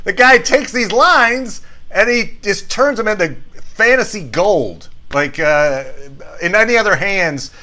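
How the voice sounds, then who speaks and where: A man's voice: sits high, animated, unhurried, bright, forceful tone. A man co-hosting a podcast, chatting casually and enthusiastically about a favorite film. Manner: enthusiastic, quotes movie lines in playful voices. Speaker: podcast co-host. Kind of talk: casual chat.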